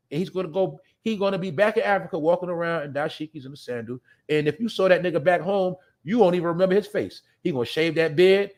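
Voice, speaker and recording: A man hosting a live show, ranting bluntly and profanely in a rambling way, often laughing. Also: sits high. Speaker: podcast host. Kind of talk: casual live-stream rant.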